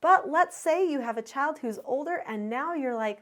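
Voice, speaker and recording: A middle-aged woman, a parenting educator, giving clear, explanatory teaching to parents and telling stories to make her points. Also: high-pitched, lively intonation, normal speed, hardly any pauses. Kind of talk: instructional talk to parents.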